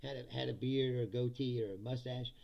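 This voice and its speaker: Middle-aged male streamer, high bright gravelly voice, profane and jokey, slightly dull lo-fi audio. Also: fairly even intonation, fairly quick. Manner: laughs often, profane, reads chat comments aloud and answers. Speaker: livestream host reading chat. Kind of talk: casual ranting political comedy stream.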